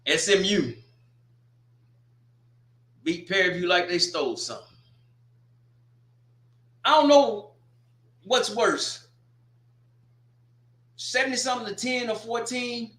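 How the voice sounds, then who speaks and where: Male sports commentator, casual and animated, slightly high voice. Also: unhurried, long pauses, roomy sound. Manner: animated, exclaiming and joking. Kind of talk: casual football recap.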